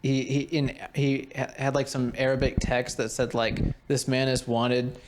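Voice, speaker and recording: Against a noisy background, a young man co-hosts a podcast, chatting casually and rambling through stories with plenty of fillers and laughs. His medium-pitched voice moves little in pitch and runs at a normal speed.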